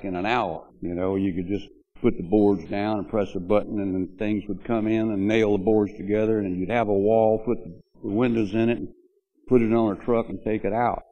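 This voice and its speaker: A man's voice: fairly low pitch, warm tone, highs cut off. An older man giving a eulogy at a memorial gathering, telling rambling, folksy anecdotes about an old friend with lots of "you know"s. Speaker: eulogy speaker. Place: memorial gathering, speaking to mourners.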